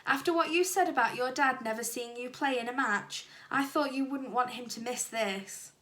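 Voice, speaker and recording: Lady doing a friendly schoolboy, chatty, brightish voice. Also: high-pitched, moderate pace. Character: kind cheeky schoolboy footballer, loyal friend.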